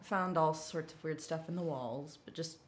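A woman from Colorado in casual chat, teasing in a deadpan way. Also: sits low, moderate pace, crowd noise. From Colorado Springs.

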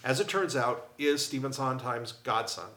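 A man in casual chat, telling anecdotes in an animated way. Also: mid-range voice, moderate pace. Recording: echoey room.

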